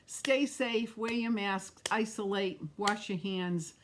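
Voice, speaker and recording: A woman's voice: mid-range voice, takes it slowly, noisy background. A middle-aged woman, chatting with viewers by name while demonstrating a card-making craft on a live stream. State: has the hiccups.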